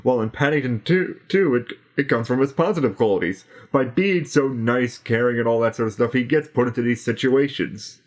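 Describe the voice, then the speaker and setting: A man's voice: mid-range voice, brisk, few pauses. A young man co-hosting a film review in casual chat, easygoing and agreeable, laughing often.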